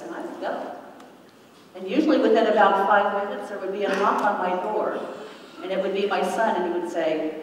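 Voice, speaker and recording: A middle-aged woman leads a parenting workshop in a calm, explaining way. She stands well back from the microphone, and her voice rings through a large, very echoey hall. A faint hum of room noise sits underneath. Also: mid-range voice, moderate pace. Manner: calm, explanatory, acts out example phrases. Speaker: parenting educator. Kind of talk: workshop talk. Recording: echoey hall, distant mic.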